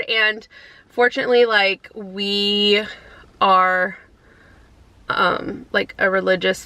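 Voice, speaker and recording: A woman in her thirties chatting casually to camera from her car, emotional and near tears, halting with many fillers. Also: medium pitch, pushed and bright, no echo, poor audio. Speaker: vlogger. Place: inside a car.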